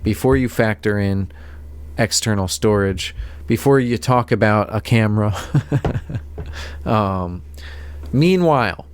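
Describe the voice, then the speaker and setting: A man's voice: lowish voice, unhurried, smooth. A man vlogging about tech gear in a casual, rambling, self-deprecating way, full of fillers. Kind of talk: casual rambling talk to camera.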